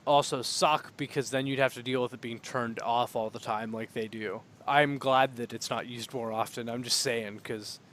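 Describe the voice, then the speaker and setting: A man's voice: medium pitch, fairly even intonation, normal speed, hardly any pauses, a bit bright, slight background noise. A young man co-hosting a podcast, rambling in casual chat and laughing often. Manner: rambling, laughs often, acts out silly droid voices. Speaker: podcast co-host.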